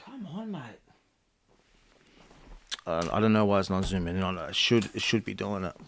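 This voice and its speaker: A man's voice: low-pitched, huge pitch swings, a bit bright, slight background noise. A young man, reading cards aloud on a casual stream, stumbling and restarting lines between offhand chat. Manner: reads cards aloud haltingly, restarts and chats. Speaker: content creator.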